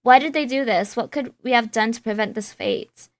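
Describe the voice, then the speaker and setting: A young woman's voice, a touch higher than most, bounces through a game she is streaming. She reads the dialogue aloud and keeps slipping into a breezy valley girl lilt. The sound is dry and close to the mic. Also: moderate pace, dry recording. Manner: playful, giggly, drifts into a valley girl lilt. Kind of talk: casual playthrough commentary, reading game dialogue aloud.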